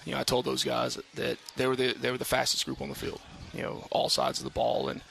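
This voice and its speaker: A man's voice: mid-range voice, vocal fry. A man, a head football coach talking casually on a live radio show with many fillers and restarts. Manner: halting, many fillers and restarts, animated when telling stories. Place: outdoor brewery patio at a live radio show.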